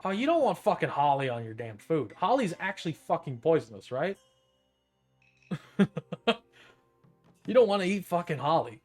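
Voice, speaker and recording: A man's voice: fairly high pitch, big pitch swings, moderate pace, pauses often, a little mellow, soft background music. A young man streaming, reading an article aloud and riffing on it in a profane, incredulous, joking way. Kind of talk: casual reading and commentary.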